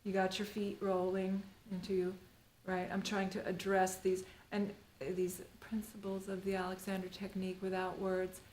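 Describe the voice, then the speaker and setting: A middle-aged woman teaching a live Alexander Technique workshop speaks with a medium, slightly mellow voice, completely flat delivery and normal speed. She meanders playfully, filling her talk with "you know" and "like". Roomy echo and faint ambient noise are audible.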